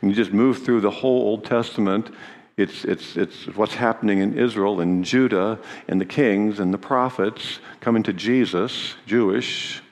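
A man's voice: lowish voice, normal speed, long reverb tail. A man preaching a sermon in an earnest teaching manner, his voice rising in volume on key phrases.

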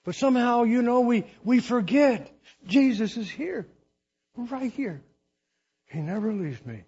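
A man's voice: very high voice, animated, unhurried, darkish tone, breathy edge, dull audio. An older man, a missionary preacher, telling a story in a folksy, rambling sermon with restarts and chuckles.

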